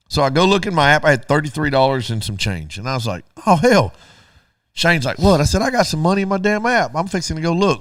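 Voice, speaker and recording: A man's voice: medium pitch, no echo, clean studio sound. A middle-aged man, co-hosting a radio show and telling a story casually while acting out both sides of the dialogue.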